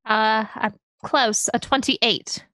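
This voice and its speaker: A woman's voice: on the high side, fairly even intonation, takes it slowly, pushed and bright, no room sound. A woman playing a tabletop game with playful in-character asides. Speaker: player.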